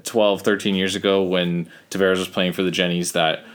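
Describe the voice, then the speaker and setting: A man's voice: low-pitched, little pitch movement, normal speed, fairly bright tone, clean tone. A man in his late twenties, a podcast co-host, rambling in casual chat with lots of fillers and frequent laughs.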